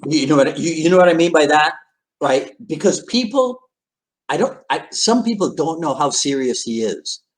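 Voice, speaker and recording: A man hosting an interview podcast, asking questions with halting restarts and lots of yeahs. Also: on the high side. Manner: animated, halting restarts, frequent backchannel. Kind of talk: casual interview conversation.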